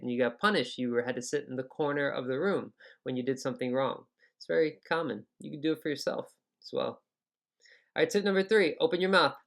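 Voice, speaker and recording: A man, teaching a relaxed, chatty spoken lesson with plenty of fillers and pronunciation demonstrations. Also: mid-range voice. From New York area, USA. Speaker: English teacher.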